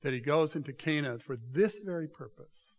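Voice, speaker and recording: Speaking to a church congregation, a male pastor with a slightly high voice gives a conversational sermon at normal speed. He's animated and restarts often, and the recording is muffled.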